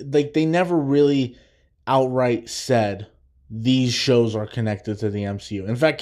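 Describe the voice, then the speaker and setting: An enthusiastic man in a casual solo podcast review. His voice sits in an ordinary middle pitch. He stumbles and restarts often and slips into little acted-out quotes. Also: darkish tone. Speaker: podcast host.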